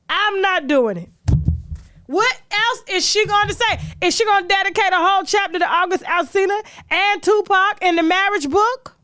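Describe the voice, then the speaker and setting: A woman's voice: extremely high pitch, lively intonation, normal speed, fairly bright tone, no room sound, clean studio sound. A woman hosting a gossip commentary show, ranting in a brash, profane, rhetorical way. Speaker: host.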